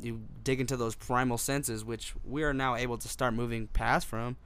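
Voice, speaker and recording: A man's voice: mid-range voice, steady tone, normal speed, fairly bright tone, clear, resonant tone. A man co-hosting a podcast in casual chat, laid-back and swearing, mostly chiming in with short remarks. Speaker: podcast co-host.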